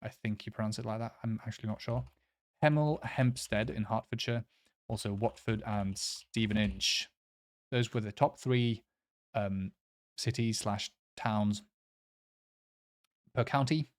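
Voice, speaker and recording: A man's voice: fairly low pitch, measured pace, long pauses. A man giving casual commentary while playing a map quiz, hesitant, with many fillers and unsure pronunciations. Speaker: quiz player.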